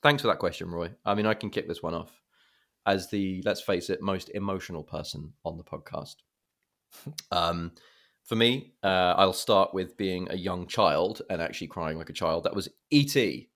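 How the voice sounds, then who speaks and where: A man with a low voice hosts a relaxed film podcast. He talks in an animated, self-mocking way and swears freely. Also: moderate pace. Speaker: podcast host. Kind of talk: casual podcast chat.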